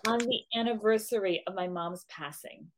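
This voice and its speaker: A woman's voice: mid-range voice, normal speed, background noise. A woman who runs her own business, talking earnestly and emotionally as a podcast guest, with frequent restarts. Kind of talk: casual podcast chat.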